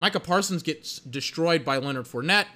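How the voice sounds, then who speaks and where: Excitable high-voiced man ranting over a game. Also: moderate pace. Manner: excitable, exasperated, profane rant with filler "like". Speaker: fan commentator. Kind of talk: live watch-along game commentary.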